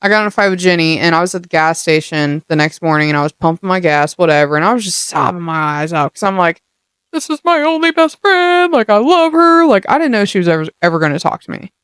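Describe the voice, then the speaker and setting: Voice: mid-range voice, fast, few pauses, a bit bright, clear, resonant tone, no echo, studio quality. A young adult podcast host giving a casual motivational monologue, blunt and heavily profane, full of streetwise slang.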